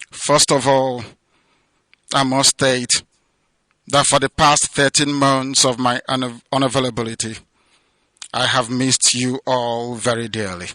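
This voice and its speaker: A man with a Nigerian accent giving an impassioned radio address, declaiming with loud peaks that drop to low, hushed passages. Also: no room sound. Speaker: movement leader giving a radio broadcast.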